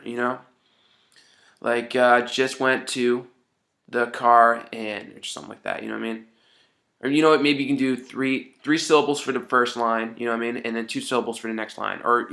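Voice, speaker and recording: A man's voice: medium pitch, sharp tone. A man giving casual songwriting advice in a rambling way, often saying "you know what I mean".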